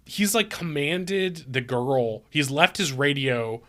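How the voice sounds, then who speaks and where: Co-host, male, bright and a touch high, rambling comic recap. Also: expressive. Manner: rambling retelling, acts out lines in quick voices. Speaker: podcast co-host. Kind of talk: casual comedic chat.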